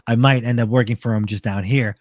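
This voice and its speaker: A man's voice: mid-range voice, fairly even intonation, quick pace, a little mellow, no room sound. Rambling, slightly tipsy man in a dry room. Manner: rambling, many restarts and repeated words. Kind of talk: casual podcast chat.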